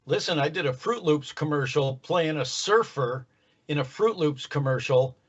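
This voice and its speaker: An older man, a voice actor, chatting in an easygoing, relaxed way in an interview. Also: fairly high pitch, moderate pace. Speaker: guest voice actor. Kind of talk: casual interview chat. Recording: dull lo-fi sound.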